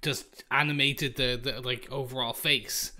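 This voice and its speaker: Bright-voiced man musing on a podcast. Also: medium pitch, fairly even intonation, unhurried. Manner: musing, thinks aloud and corrects himself. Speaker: podcast co-host. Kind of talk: casual chat reviewing a film.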